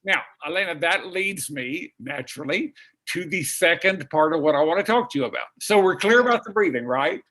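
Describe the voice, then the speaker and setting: A man with a high speaking voice leads a virtual master class over a video call, encouraging and demonstrative. He breaks into short sung and spoken example phrases as he coaches. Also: expressive, brisk, fairly bright tone. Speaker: vocal coach and pianist.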